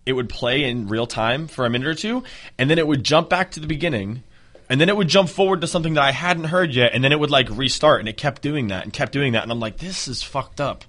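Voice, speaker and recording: Male co-host, rapid and bright, loose profane banter. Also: medium pitch. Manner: fast, profane, animated recounting. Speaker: podcast co-host. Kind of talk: casual podcast banter.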